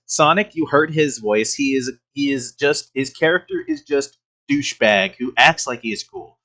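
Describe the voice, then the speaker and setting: Man, casual reaction commentary, mid pitch, frequent laughs, loose swearing. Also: sing-song, normal speed, bright, forceful tone. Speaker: reaction streamer host.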